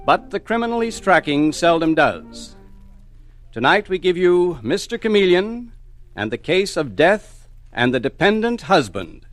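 A man's voice: sits high, very animated, measured pace. A man announcing and narrating a 1940s radio drama, in a formal, declamatory style. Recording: old radio broadcast with music.

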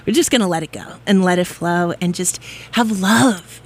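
A woman's voice: fairly low pitch, normal speed. A woman hosting a college radio show, giddy and exuberant, laughing often and whooping in a studio. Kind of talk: bubbly radio chat.

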